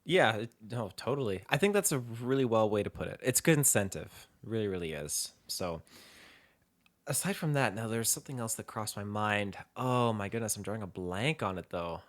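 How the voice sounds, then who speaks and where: A man's voice: lowish voice, expressive, normal speed. A man co-hosting a podcast, chatting casually in an easygoing, agreeable way. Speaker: podcast co-host. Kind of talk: casual chat.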